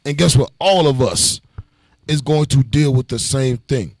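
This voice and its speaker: A man teaching a Bible class, preaching with call and response and a joking, blunt, animated manner. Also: mid-range voice, a little slow, dry recording.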